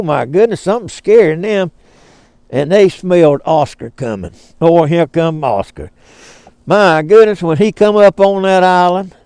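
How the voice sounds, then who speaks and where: Slow, high-voiced older Southern storyteller. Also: male voice, dark tone, clear, resonant tone, no echo. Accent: Southern US, Georgia. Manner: homespun drawl, chuckling asides. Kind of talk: folksy storybook reading.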